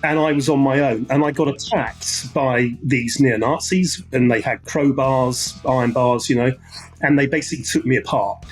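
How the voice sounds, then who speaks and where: A man's voice: medium pitch, normal speed, breathy edge, soft background music, poor audio. A man in his sixties with a London accent, a podcast guest telling his life story over a remote call in an earnest, reflective way, often restarting his sentences. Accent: London English. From London, England. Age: 60s. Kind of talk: interview storytelling.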